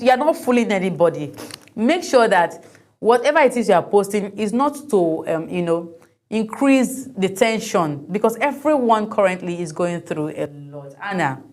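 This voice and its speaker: A woman's voice: medium pitch, a little mellow. A woman hosts a TV talk show, giving chatty, opinionated commentary on viral videos. She reads out viewer comments and laughs easily.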